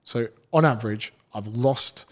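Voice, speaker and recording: A man's voice: medium pitch, measured pace. A British man, a fitness trainer, telling stories as a guest in a casual podcast interview, blunt and swearing freely.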